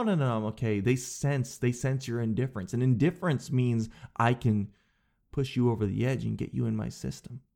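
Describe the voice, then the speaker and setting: Casting: young male host, comic monologue, jumps between high clerk impressions and a low flat deadpan. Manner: animated storytelling, acting out clerks in a high voice; drops low and slow to demonstrate a flat no. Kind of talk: comedic monologue.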